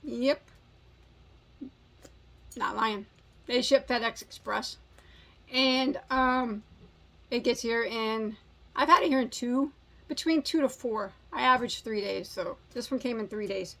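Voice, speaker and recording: Forties woman, crafting vlog host; rambling, jokey, self-deprecating; a touch high-pitched. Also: measured pace, vocal fry, long pauses, a bit bright. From United States. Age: 40s. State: slightly out of breath. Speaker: crochet channel host. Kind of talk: casual chat.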